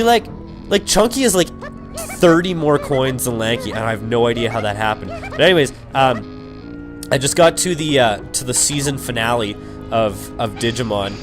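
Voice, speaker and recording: A young Canadian man, mid-pitched, talking loosely to his viewers as he plays, with "like" in nearly every phrase. He drifts from one thought to the next in a casual, unscripted way. Faint game music plays under his voice. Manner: rambling, heavy on "like" and swearing. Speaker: let's play commentator. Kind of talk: casual gameplay commentary.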